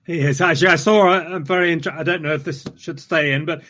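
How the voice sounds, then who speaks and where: A man hosting a relaxed conversation. He rambles through anecdotes with self-deprecating asides, and his pitch leaps up and drops back often. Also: fast talker. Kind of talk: casual conversation.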